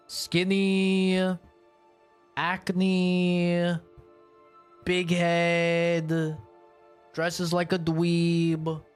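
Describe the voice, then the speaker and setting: A man's voice: fairly high pitch, smooth. A young man streaming and chatting casually, rambling and joking with a lot of swearing. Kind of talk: casual chat.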